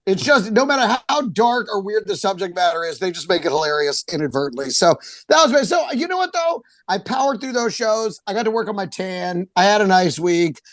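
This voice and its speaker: Man, comedian co-host, loud and animated, swearing, dry sound. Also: sits high, a little fast, hardly any pauses, no room sound. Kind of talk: casual chat.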